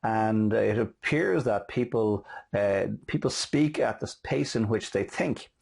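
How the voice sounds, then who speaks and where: A man hosting a motivational talk on selling, telling stories quickly with many fillers and restarts. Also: lowish voice, gravelly, darkish tone, husky. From Ireland. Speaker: host and sales motivational speaker. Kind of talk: casual motivational talk with anecdotes.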